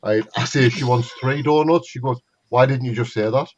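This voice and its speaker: A man's voice: mid-range voice, moderate pace, highs cut off, background noise. A man with a North East English accent telling swearing, laughing stories in casual chat with friends. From North East England. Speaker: gamer chatting with friends on a stream.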